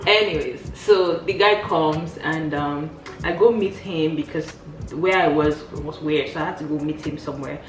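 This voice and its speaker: Animated woman vlogger, low voice. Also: moderate pace, hardly any pauses, far from the mic. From Nigeria. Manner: animated, acts out quoted dialogue with big pitch jumps. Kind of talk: casual storytelling chat. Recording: roomy sound from off the mic, faint music.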